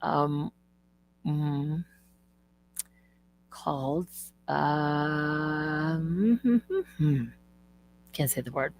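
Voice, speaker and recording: A woman hosting a live stream, talking in a casual, animated way, indignant and swearing freely. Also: low voice, drawn-out words, long pauses.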